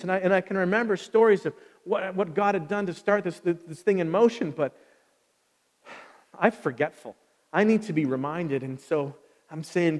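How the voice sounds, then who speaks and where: In a church sanctuary, a man serving as pastor delivers a sermon, speaking conversationally and asking the congregation questions. His voice sits high and moves at a moderate pace. The long reverb of a large hall colors the recording.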